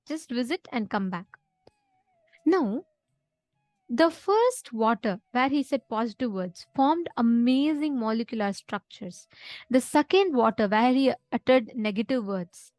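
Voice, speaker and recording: A woman's voice: on the high side, darkish tone, no room sound. A woman leading a live online spiritual teaching session, explaining patiently and often checking in with her listeners.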